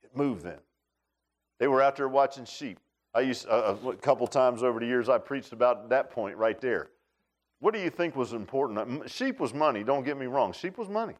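A male pastor preaching a sermon in a church, folksy and animated, dropping into low asides and rising to high shouts while talking straight to the congregation. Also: a little fast.

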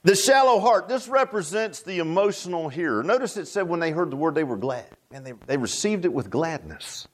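A man's voice: on the high side, big pitch swings, brisk, few pauses. A man preaching a sermon in a folksy, repetitive way, often tossing out rhetorical "huh?" asides to the congregation. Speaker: pastor.

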